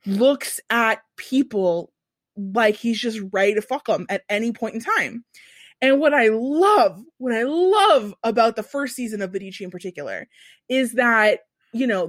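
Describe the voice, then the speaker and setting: Young woman podcast host, casual storyteller, lively and profane, dry close sound. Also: fairly high pitch, dry recording. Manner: animated, profane storytelling with asides. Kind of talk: casual chat.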